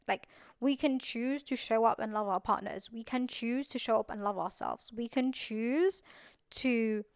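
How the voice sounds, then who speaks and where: A young adult woman hosts her own casual solo podcast, her slightly high voice captured in a dry, clean studio recording. She talks earnestly and repeats phrases for emphasis.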